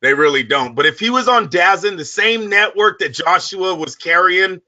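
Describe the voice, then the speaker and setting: Man, sports talk radio co-host, very high voice, loud profane rant. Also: lively intonation, normal speed, muffled recording. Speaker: boxing radio show co-host.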